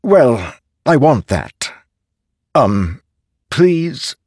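A man's voice: mid-range voice, big pitch swings, a little mellow, husky, no room sound, clean studio sound, voice pushed up, exaggerated voice. A man voicing an insecure male spirit made of stars, who speaks hesitantly and apologetically. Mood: timid, nervous. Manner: hesitant, halting, pleading.

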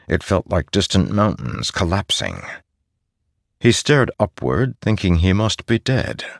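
Deep, slow male audiobook narrator. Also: vocal fry, no echo, clean studio sound. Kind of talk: scripted narration.

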